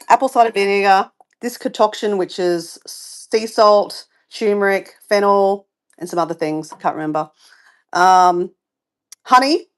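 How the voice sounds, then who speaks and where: Chatty middle-aged Australian woman rambling. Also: medium pitch. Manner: rambling, chatty, sidetracked, answers viewer comments. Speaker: vlogger livestreaming her morning routine. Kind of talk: casual live-stream chat to viewers.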